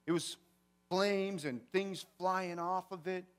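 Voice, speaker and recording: Animated high-voiced man preaching. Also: takes it slowly. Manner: animated storytelling, swings from quiet to shouting. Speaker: pastor. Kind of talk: sermon. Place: church sanctuary.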